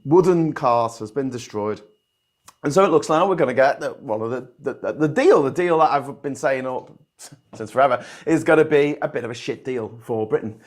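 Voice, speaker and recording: Sweary Scouse man ranting. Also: on the high side. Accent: Liverpool. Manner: sweary, ranting, restarting sentences. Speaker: host. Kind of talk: casual livestream commentary.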